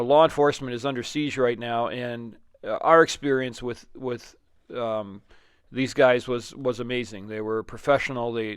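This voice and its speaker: A man's voice: mid-range voice, smooth, dry recording, clean studio sound. A man hosting an interview, asking questions in a hesitant, inquisitive way with frequent restarts. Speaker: host. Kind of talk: conversational interview.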